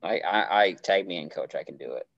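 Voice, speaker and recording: Podcast co-host, low male voice, animated and joking, dry lo-fi sound. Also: a little fast, vocal fry, dry recording. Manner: joking, loose, tipsy-sounding. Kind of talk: casual chat.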